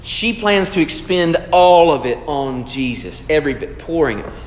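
A pastor preaches a sermon in an echoey hall with long reverb, his manner earnest and conversational, full of rhetorical questions. His voice is fairly high, with lively intonation and normal speed.

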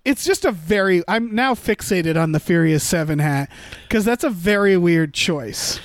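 A man's voice: sits high, animated, moderate pace, no room sound. A man co-hosting a casual movie-review chat, rambling with fillers and restarts. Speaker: podcast co-host.

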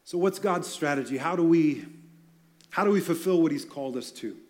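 A man's voice: a little high, lively intonation, fairly quick, darkish tone. A man preaching an earnest sermon to church leaders, emphatic and with light self-deprecating humor.

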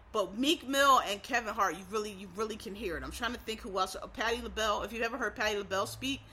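A woman's voice: medium pitch, sharp tone, slight background noise. A woman from Philadelphia with a faint Philadelphia accent, chatting casually and rambling with frequent fillers and restarts. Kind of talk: casual chat.

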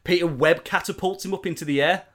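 A man's voice: sits high, fast talker, fairly bright tone. A man, casually and animatedly retelling a film plot, rambling with lots of fillers.

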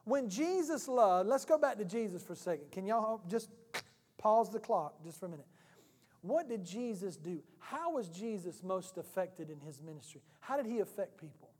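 A male pastor preaching a sermon in an animated, humorous and conversational way. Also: high voice, normal speed. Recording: reverberant church hall.

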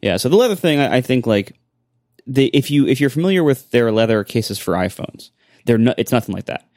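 A man's voice: medium pitch, sing-song, brisk, darkish tone, dry recording, clean studio sound. A man co-hosting a podcast in casual chat, often hesitating and restarting his sentences. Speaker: podcast co-host.

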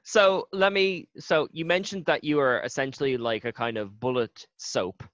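A man's voice: medium pitch, steady tone, moderate pace, a bit bright, dry recording. A man hosting a casual interview, amused and easygoing as he asks questions. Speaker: podcast host, drama teacher. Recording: dry, dull lo-fi.

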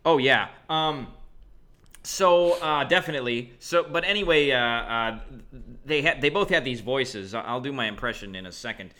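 A man's voice: medium pitch, moderate pace, sharp tone. A man in casual chat, telling a story in a loose, rambling way. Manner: storytelling, acts out other people's voices.

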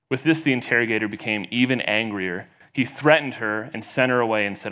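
A man's voice: a little fast, few pauses. A man preaching a sermon as pastor, retelling a story and raising his voice for the quoted voices. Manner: storytelling, rising loud and high for quoted voices.

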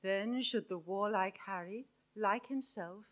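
Woman reading verse in Received Pronunciation. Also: mid-range voice. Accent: British Received Pronunciation. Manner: measured, declamatory verse reading. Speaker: audience member volunteer. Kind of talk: reading Shakespeare verse aloud.

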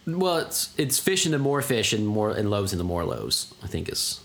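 A man's voice: on the low side, moderate pace. A man co-hosting a podcast, chatting casually and rambling, often acting out quoted lines from a movie. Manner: rambling, animated, acts out quoted voices. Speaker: podcast co-host. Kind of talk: casual chat.

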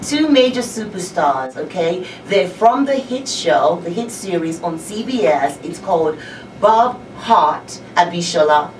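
Playful host from Britain, lowish voice, heard from far off in an echoey noisy room. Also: female voice, a little slow. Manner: lively, teasing, laughs often. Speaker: radio show host. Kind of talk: radio interview. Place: radio studio. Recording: roomy distant mic with noise.

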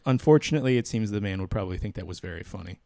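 A man co-hosting a casual podcast, easygoing but fond of making his case in a mock-formal way. His voice sits low. It is recorded dry and up close. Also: lively intonation, rapid-fire, gravelly, dark tone, no echo. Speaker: podcast co-host. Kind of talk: casual chat.

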